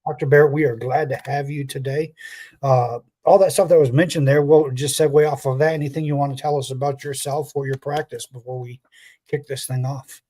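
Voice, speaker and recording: A man's voice: mid-range voice, fairly even intonation, a little fast, mellow. A man co-hosting a pet podcast, reading a guest's bio with wry asides and stumbling over a few names. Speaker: podcast co-host.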